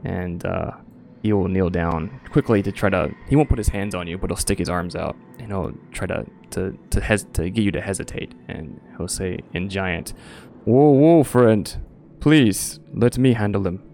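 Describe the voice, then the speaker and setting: A man with a low, gravelly voice narrates a tabletop game as its game master. He talks in a relaxed way, pausing often with fillers, while faint music plays behind him. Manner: relaxed, frequent filler pauses.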